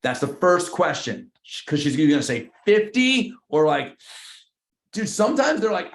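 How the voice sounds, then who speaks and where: A man's voice: sits high, sing-song, normal speed. Casual man training a team in a roomy space. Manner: casual, slangy, acts out both sides of phone calls. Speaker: real estate team trainer. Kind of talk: live team training talk. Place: meeting room with a group. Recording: roomy echo.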